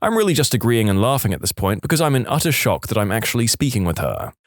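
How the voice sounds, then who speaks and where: Lively male story reader. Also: fairly low pitch, fast talker, dry recording, clean studio sound. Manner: expressive storytelling. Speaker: story narrator. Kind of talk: reading internet stories aloud.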